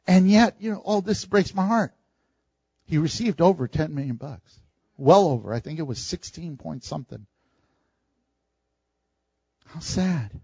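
A man's voice: high-pitched, breathy edge, no room sound, dull audio. A male pastor preaching a verse-by-verse sermon, acting out quotes with laughter and animation.

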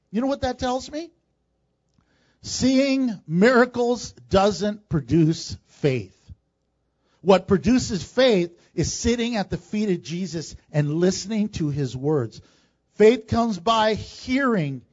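Male pastor, high voice, animated sermon, dull lo-fi recording. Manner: animated, acts out Bible characters in quick asides. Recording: dull lo-fi sound.

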